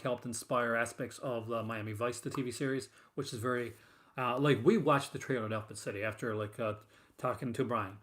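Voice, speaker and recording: This is the host of a horror film collecting show, speaking in a fairly bright, mid-range voice. His casual live-stream chat with viewers rambles along, packed with fillers and restarts.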